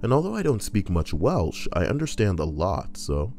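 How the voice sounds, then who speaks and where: A man's voice: deep voice, sing-song, moderate pace, few pauses, darkish tone, slight background noise. A man reading online stories aloud and cutting in with crude, joking asides. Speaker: YouTuber reading Reddit posts. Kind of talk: comedic reading with commentary. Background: faint background music.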